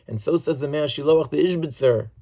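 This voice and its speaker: High-pitched male rabbi, earnest sermon, measured delivery. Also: dark tone. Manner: earnest storytelling, measured and reflective.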